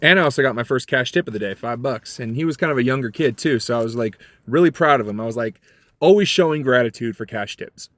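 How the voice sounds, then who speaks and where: A man's voice: quick pace, a bit bright, dry recording. A man vlogging casually from his car about his delivery shifts, telling stories and acting out the voices of people he met. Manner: chatty storyteller, acts out quoted lines with big pitch jumps. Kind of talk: casual vlog monologue.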